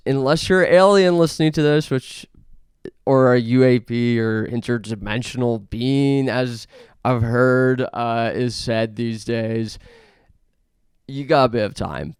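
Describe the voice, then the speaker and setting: A young man from Canada hosting a podcast, rambling through absurd tall tales in a deadpan way, full of fillers. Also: mid-range voice, gravelly, clean tone, dry recording, studio quality. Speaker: podcast host. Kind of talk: deadpan comedic monologue.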